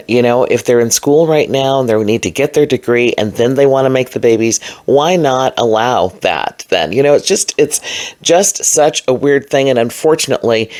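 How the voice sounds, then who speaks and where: A woman's voice: very deep voice, darkish tone. A woman recording a solo video commentary alone in a room, talking in a frustrated, emphatic and rambling way with many fillers. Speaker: vlogger.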